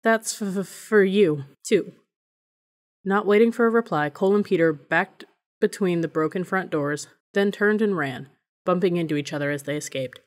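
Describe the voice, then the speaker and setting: A woman reading a novel aloud as an audiobook narrator, in a steady, even storytelling manner. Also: fairly low pitch, fairly quick. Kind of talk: scripted narration.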